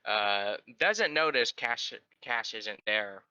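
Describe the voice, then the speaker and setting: A tabletop player slowly narrating their own character's actions and lines. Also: medium pitch, expressive, bright, forceful tone, smooth, dry recording, lo-fi sound. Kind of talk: casual in-character tabletop chat.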